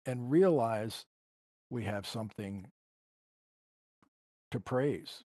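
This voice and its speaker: A man's voice: medium pitch, takes it slowly, warm tone, dry recording, studio quality. A man, a musician guest on a podcast, telling personal stories in a reflective, emotional way. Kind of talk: storytelling interview.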